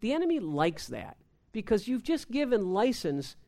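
A woman's voice: medium pitch, big pitch swings, moderate pace, mellow. A woman giving an informal sermon, often repeating words and acting out quoted prayers. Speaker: preacher.

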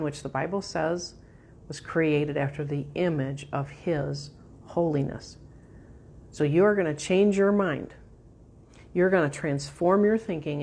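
A woman's voice: fairly low pitch, a little mellow. A woman minister teaching a sermon emphatically and leading her listeners through a spoken prayer. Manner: uneven pace, quick bursts and slow stresses.

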